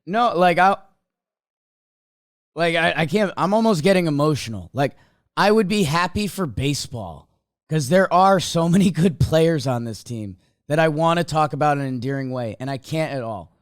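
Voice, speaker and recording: Smooth-voiced man on a sports podcast. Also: fairly high pitch, lively intonation, no echo, studio quality. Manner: halting, self-interrupting, laughs through lines. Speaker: podcast co-host. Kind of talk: casual sports talk.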